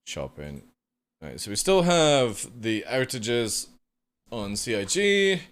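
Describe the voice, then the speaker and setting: A young man talks loosely to his livestream audience at a mid pitch. He rambles, swears offhandedly and answers chat as he goes. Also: big pitch swings, takes it slowly, clear, resonant tone. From United Kingdom. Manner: rambling, chatty, swears casually, reads chat aloud. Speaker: live streamer. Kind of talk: casual chat with viewers.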